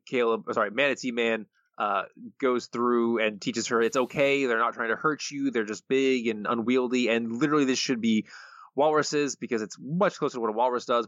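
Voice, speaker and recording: A man's voice: medium pitch, a bit bright, dry recording, lo-fi sound. A man co-hosting a podcast, recapping an episode casually with dry sarcasm. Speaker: podcast co-host. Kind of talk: casual episode review chat.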